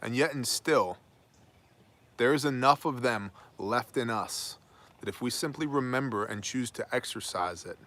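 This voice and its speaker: A man hosting a daily news commentary with a bright, forceful edge to his voice. He speaks emphatically and preaches a little, breaking off for wry asides. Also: mid-range voice, measured pace. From United States. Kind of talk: opinionated daily news monologue.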